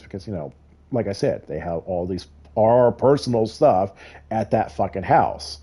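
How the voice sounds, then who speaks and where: A man's voice: lowish voice, lively intonation, normal speed, warm tone, husky. A middle-aged man telling a heated, profane story in a casual rant while gaming. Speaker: gamer.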